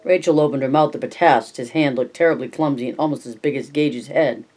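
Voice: mid-range voice, a little fast, darkish tone, slightly rough. Stumbling amateur audiobook narrator. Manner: stumbling, self-correcting reading.

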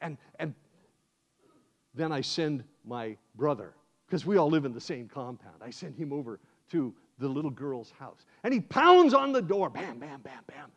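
An American man, a guest preacher, telling a sermon as a lively first-person story. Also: on the high side, moderate pace. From United States. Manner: animated, acts out scenes in first person. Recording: dull lo-fi sound.

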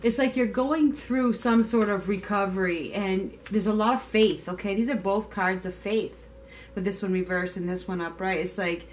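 A woman's voice: medium pitch, fairly even intonation, moderate pace. Woman tarot reader, casual and emphatic, faint background noise. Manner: chatty, emphatic, swears casually. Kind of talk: casual tarot reading to camera.

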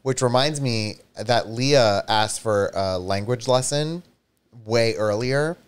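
A man's voice: mid-range voice, slow pace, clear, resonant tone. A man co-hosting a casual livestream chat, joking and teasing, often losing his train of thought. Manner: teasing, jokey, trails off mid-thought. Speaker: co-host.

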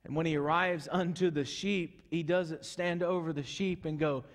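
A male pastor delivers an earnest sermon in a high voice. He swings from urgent, loud stretches to soft, hushed ones. A long reverb fills the church sanctuary around him. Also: fairly even intonation, normal speed, few pauses. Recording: echoey church hall.

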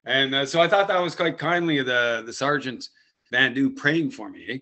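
A man's voice: medium pitch, moderate pace, bright, forceful tone. A man from Canada with a Canadian accent tells a rambling personal story, full of digressions and restarts. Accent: Canadian English. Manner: digressive, frequent restarts and tag "eh?".

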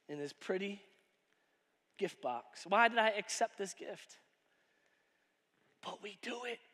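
A man with a very high, bright voice preaches a sermon to his church. He swings between loud, excited shouting and quiet, drawn-out asides. A long reverb trails his words around the auditorium. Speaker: pastor.

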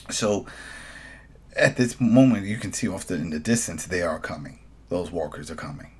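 A man co-hosting a podcast in casual review chat, retelling scenes in an animated way. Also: deep voice, moderate pace, breathy edge. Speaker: podcast co-host.

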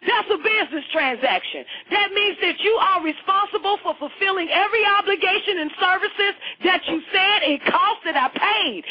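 A man hosting an internet radio call-in show, ranting in a profane, preachy and emphatic way. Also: very high-pitched. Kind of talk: heated call-in radio rant. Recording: muffled lo-fi internet radio audio.

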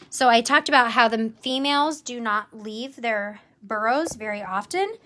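A woman educator presenting tarantulas in a live stream, enthusiastic and gentle, cooing at the animals. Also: on the high side. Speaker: insect zoo educator. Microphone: livestream camera mic.

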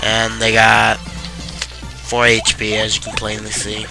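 A tired young man giving casual, sarcastic commentary while playing a video game, swearing freely in a deadpan way. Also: lowish voice, slow, vocal fry. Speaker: let's play commentator. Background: game music.

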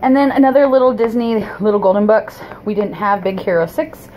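In a cluttered home, a woman vlogger chats her way through a shopping haul, rambling and apologizing, often pausing and restarting. Her voice is medium-pitched and a little mellow, with slight background noise.

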